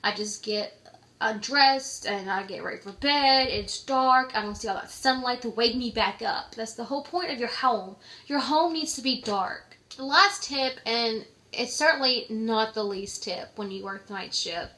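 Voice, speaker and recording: Young woman vlogger, higher-pitched, chatty, full of filler "likes"; casual advice tone. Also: moderate pace, sharp tone.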